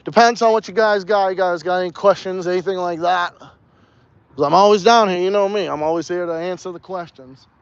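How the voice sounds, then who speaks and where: A man's voice: sits high, fairly quick, clean tone, no room sound, dull audio. A man with a New England accent hosting a casual podcast outdoors, rambling and swearing as he laughs through his chat. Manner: profane, rambling, laughs often. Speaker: podcast host. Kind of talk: casual ranting livestream chat.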